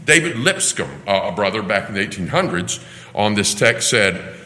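A man's voice: on the low side, very animated, normal speed, bright, forceful tone. A man teaching a Bible lesson in a church classroom, emphatic and full of rhetorical questions. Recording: echoey hall with long reverb.

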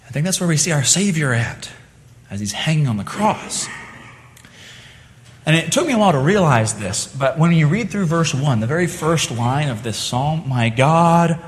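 A man's voice: on the high side, big-room sound. A man preaching a sermon, earnest in tone, rising to impassioned cries when he voices the psalmist's pleas. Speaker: pastor.

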